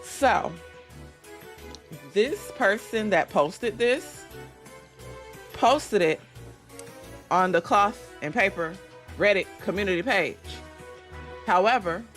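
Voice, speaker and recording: A woman chats on a casual livestream, blunt and full of swearing as she talks straight to her viewers. Her voice is mid-pitched and cracks now and then because she has just rolled out of bed. Faint music plays under her. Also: lively intonation, slow, pauses often, fairly bright tone. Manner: blunt, profane, chatty with viewers. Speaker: livestream host.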